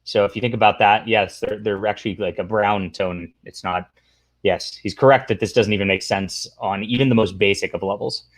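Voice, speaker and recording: A man's voice: fairly low pitch, steady tone, a little fast. A man hosting a casual livestream, rambling through commentary, reading posts aloud, talking to the chat and throwing in sarcastic asides. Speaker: livestream host.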